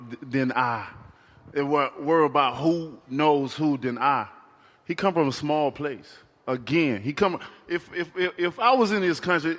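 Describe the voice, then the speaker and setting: A man's voice: on the high side, a bit bright. Defiant American man in an echoey hall. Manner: defiant, repetitive, challenging. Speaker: boxer at a press conference. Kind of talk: trash talk at a press conference. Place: large packed press conference hall.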